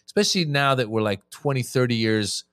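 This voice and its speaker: On a dry, studio-quality recording, the comedian talks fairly quickly at a medium pitch. He's a podcast guest in casual conversation, an animated storyteller who acts out his crowd-work exchanges with audiences.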